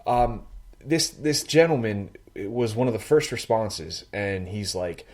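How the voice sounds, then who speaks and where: A man co-hosting a casual sports podcast, telling stories in an animated, teasing way. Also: fairly low pitch, slow. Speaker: podcast co-host.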